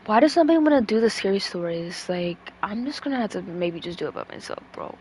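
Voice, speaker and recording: A woman's voice: medium pitch, animated, quick pace, darkish tone, slight background noise. A woman chatting casually on a stream, rambling with lots of fillers and swearing freely.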